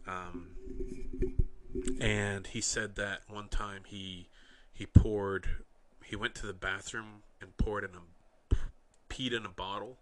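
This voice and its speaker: A young man from Canada hosting a podcast, telling wry, rambling anecdotes in a deadpan way. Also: on the low side, slow, slight background noise. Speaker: podcast host. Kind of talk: casual storytelling.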